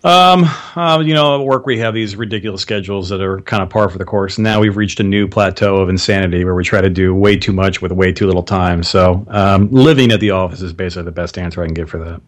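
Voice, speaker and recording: Low-voiced male podcast guest with a wry, dry delivery. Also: fast, hardly any pauses. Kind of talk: casual chat.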